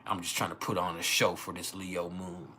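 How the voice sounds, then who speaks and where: A man's voice: sits low, flat delivery, moderate pace, pushed and bright, slight background noise. Joking, profane man on a livestream. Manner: joking, profane, laughs often. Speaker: astrology livestream host. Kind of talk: casual livestream chat.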